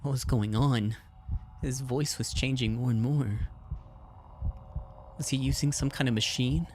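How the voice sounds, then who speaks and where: A man's voice: medium pitch, steady tone, measured pace, a little mellow, slight background noise. A man streaming, reading a visual novel's text aloud expressively, with casual asides.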